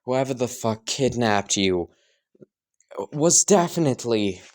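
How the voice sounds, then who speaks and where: A man's voice: medium pitch, lively intonation, takes it slowly, darkish tone. A man voicing a stubborn, fiery young girl who speaks bluntly and warily. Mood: wary.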